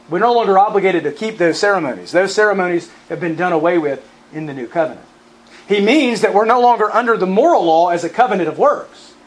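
A man preaching a sermon, emphatic, repeating key phrases for stress and often clearing his throat. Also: high-pitched, low-quality recording.

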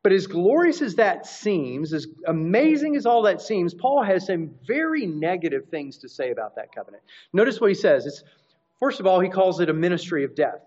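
A man's voice: sits high, very animated, normal speed, darkish tone, breathy edge. A man preaching a teaching sermon, explaining scripture and restarting phrases as he goes. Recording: dull lo-fi recording.

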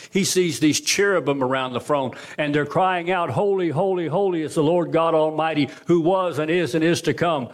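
In a church sanctuary, a pastor with a fairly high voice preaches a sermon from the pulpit. He presses the congregation with rhetorical questions, rising loud before dropping to a hushed, slow close.

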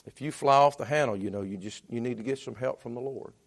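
Speaking fast in a mid-range voice, a man preaches as pastor with a conversational style. He keeps restarting and moves between loud bursts and hushed asides.

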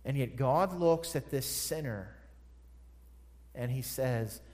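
Emphatic slow-preaching man in a reverberant hall. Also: mid-range voice, animated, darkish tone. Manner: emphatic, repeats phrases for stress. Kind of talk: sermon.

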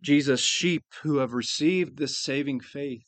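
A pastor delivers a sermon in a medium-pitched, earnest voice, slowing down to stress key phrases. There's no room sound.

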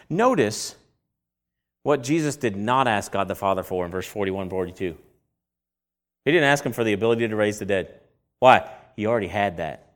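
A man preaching a sermon, asking rhetorical questions and answering them himself, and breaking into animated acted-out voices. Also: moderate pace, long pauses. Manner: acts out quoted voices with big jumps in pitch and loudness.

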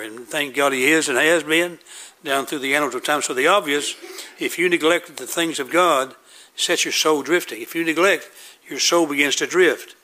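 A man's voice: on the high side, moderate pace, bright, forceful tone. A man preaching a sermon, earnest and repetitive, asking questions and answering them himself.

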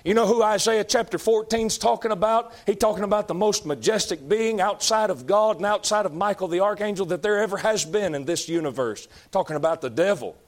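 A man preaching a fiery sermon, emphatic and repetitive, rising to shouts. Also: high-pitched, fairly quick, few pauses. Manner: folksy, emphatic, shouting at peaks, repeats lines.

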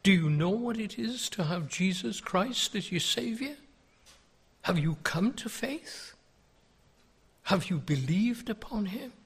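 Older pastor, husky, unhurried sermon delivery, pleading tone. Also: male voice, high voice, lively intonation. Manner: earnest, pleading, with rhetorical questions.

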